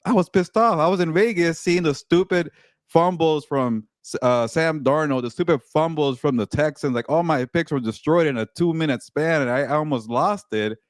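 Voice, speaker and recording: A man who reports on sports, talking casually on a podcast in a blunt, animated way with mild swearing. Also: on the high side, moderate pace, dry recording, studio quality.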